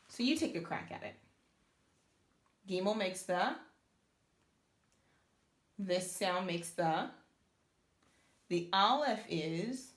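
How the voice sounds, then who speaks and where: A woman's voice: fairly low pitch, roomy sound. A woman teaching beginners to read Hebrew letters, sounding them out step by step and praising the learners. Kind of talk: slow, patient reading lesson.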